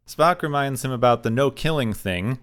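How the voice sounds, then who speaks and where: A man hosting a podcast in casual chat, recapping an episode in a wry, steady way. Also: medium pitch, moderate pace, clear, resonant tone. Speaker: podcast host.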